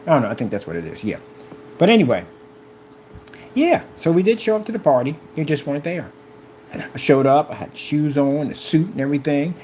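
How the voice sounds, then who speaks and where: Man ranting with a lively, swooping pitch. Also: brisk, slight background noise. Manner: repetitive, confrontational and mocking. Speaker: business owner. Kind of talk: ranting to the camera.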